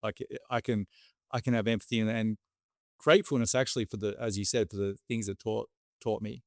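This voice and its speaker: A man hosting a conversational interview, speaking thoughtfully and reflectively, with a self-deprecating touch and halting restarts. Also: fairly low pitch, steady tone, no echo, clean studio sound. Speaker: podcast host.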